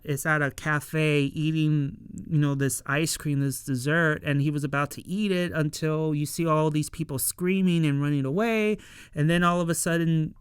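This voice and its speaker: Slow, unhurried show reviewer with a very smooth, crisp voice; chatty recap heavy on "you know" and acted-out quotes. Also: mid-range voice, no room sound, studio quality. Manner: rambling, many fillers, acts out characters' lines. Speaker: episode reviewer. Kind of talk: casual episode recap.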